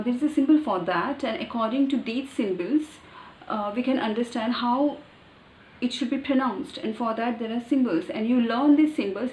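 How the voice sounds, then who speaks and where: A woman's voice: on the high side, a little mellow, a little hiss or hum. A woman with an Indian accent, a native Marathi speaker, earnestly explaining pronunciation step by step in a casual monologue. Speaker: vlogger. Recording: echoey room with faint ambience.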